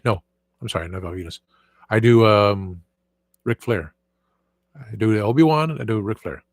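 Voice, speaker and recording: A man's voice: fairly low pitch, normal speed, long pauses, no echo. Rambling live-stream host, man. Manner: rambling, filler-heavy, many restarts; reads and answers viewer chat. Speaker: livestream host. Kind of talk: casual live-stream chat.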